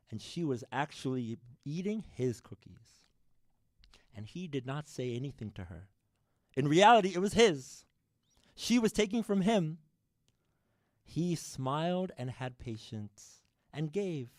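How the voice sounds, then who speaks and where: A man giving a sermon, telling a story to the congregation with lively shifts in loudness and addressing them as brothers and sisters. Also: fairly high pitch, measured pace, pauses often, no echo, studio quality. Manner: animated, shifts loudness widely, addresses the audience directly. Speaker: speaker at a religious program. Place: mosque or community hall.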